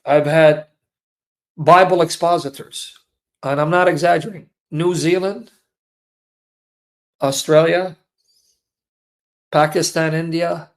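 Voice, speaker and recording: Slow, high-voiced man in his fifties. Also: creaky. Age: 50s. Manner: emphatic, repeats phrases for weight. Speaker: Christian apologist giving a testimony. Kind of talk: emotional personal testimony.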